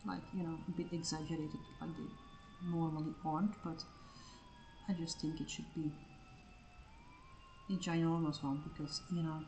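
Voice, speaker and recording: Woman art streamer, casual chat, swearing, slightly low voice, echoey room, faint room noise. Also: little pitch movement, normal speed, long pauses, a little mellow. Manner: scattered, self-mocking, swears freely. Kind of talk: casual live-stream chat while drawing.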